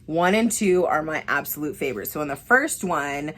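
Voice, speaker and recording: A young woman vlogging casual movie recommendations, excitable and full of fillers and swearing. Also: deep voice, normal speed.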